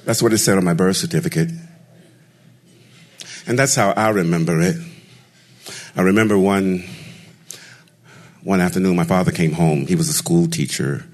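A man telling a personal story in an expressive, rhythmic way, with deliberate pauses. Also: sits low. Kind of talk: storytelling performance.

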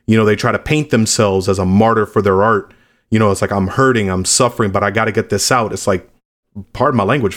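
A man in his late thirties, a musician being interviewed, speaking candidly and reflectively, sometimes blunt. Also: fairly low pitch. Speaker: musician guest. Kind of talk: interview conversation.

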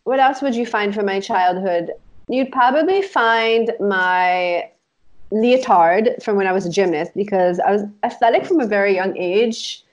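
Her voice is medium-pitched and unhurried, captured on a muffled recording. A life coach from Israel, she's a guest telling casual stories, rambling through the past with frequent laughs and many "like" fillers.

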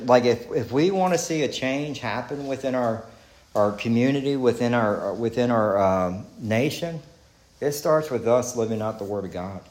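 A man's voice: medium pitch, a little mellow, reverberant. A man with a Texan accent preaching a sermon as a pastor, earnest and conversational, repeating questions and restarting his sentences. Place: church sanctuary.

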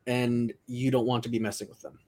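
A man's voice: medium pitch, flat delivery, brisk, dark tone. A man playing a tabletop role-playing game, hesitant and searching for his words. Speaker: player.

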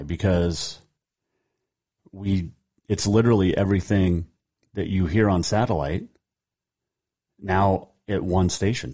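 A man with a low, slightly mellow and somewhat rough voice hosts his own radio show. He chats casually in a rambling, folksy manner, corrects himself, and reads sponsor plugs, all captured in dull lo-fi sound.

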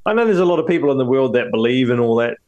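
A man's voice: medium pitch, animated, racing, a little mellow, muffled recording. A man co-hosting a podcast in loose, casual chat, laughing often and swearing freely. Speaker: podcast co-host.

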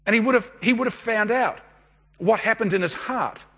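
A man's voice: high-pitched, moderate pace, sharp tone, breathy edge. A middle-aged man preaching a sermon in an earnest, conversational way, asking rhetorical questions. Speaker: pastor. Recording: long hall reverb.

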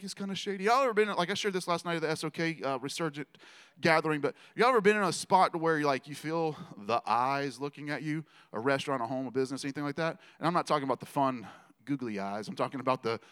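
A man preaching a conversational sermon, joking with the congregation between loud declarations and quiet asides. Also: a little high, smooth, big-room sound. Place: church gathering.

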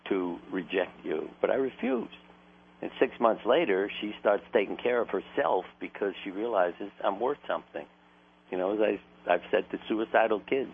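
A man's voice: lowish voice, creaky. A man, a doctor, telling stories in an earnest, anecdotal way and laughing now and then. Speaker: doctor, interview guest. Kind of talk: conversational storytelling. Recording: tinny phone-line sound with faint noise.

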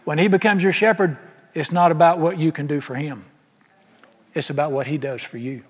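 Folksy preacher in a reverberant church. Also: male voice, fairly high pitch, steady tone, fairly quick, breathy edge. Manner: folksy, emphatic preaching with rhetorical questions. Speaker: pastor. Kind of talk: sermon. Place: church sanctuary. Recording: long reverb of a large hall.

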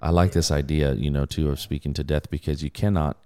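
A man speaks in a deep, mellow voice as he co-hosts a casual faith podcast. He talks earnestly and often repeats words while he works out what he wants to say. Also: fairly even intonation, brisk. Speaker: podcast co-host.

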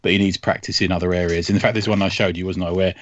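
A man's voice: low-pitched, fast, a little hiss or hum. A man on a podcast, chatting casually about comics, telling stories with laughs and acting out quoted lines. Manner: animated storytelling, laughs often, acts out quoted lines. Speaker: podcast host.

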